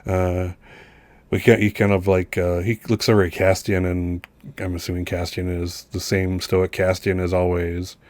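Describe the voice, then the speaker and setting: A man narrating as game master of a tabletop game, rambling and halting as he describes scenes. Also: low voice, level tone, a little mellow, no room sound.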